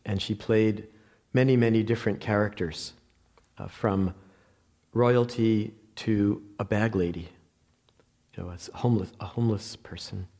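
A man with a New Jersey accent giving a reflective Zen dharma talk, halting with many pauses, fillers and restarts. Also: on the low side, fairly even intonation, warm tone. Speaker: Zen meditation teacher.

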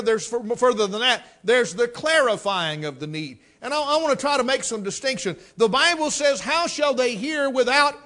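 A man's voice: high-pitched, pushed and bright. A man preaching a sermon, telling folksy stories and rising to emphatic exhortation.

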